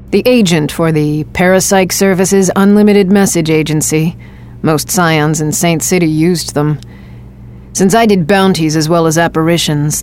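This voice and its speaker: A woman narrating a story in the first person in a steady, scripted way. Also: low voice, a little hiss or hum.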